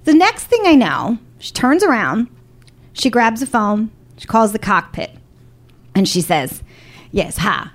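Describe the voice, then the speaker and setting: Animated, blunt woman telling a comedic story. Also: fairly high pitch, measured pace. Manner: animated, blunt, profane, self-mocking.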